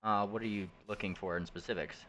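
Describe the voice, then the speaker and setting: Young guy running a tabletop game, lowish voice, lots of uh and um. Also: steady tone, a crowd in the background. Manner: rambling, halting, laughs often. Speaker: game master.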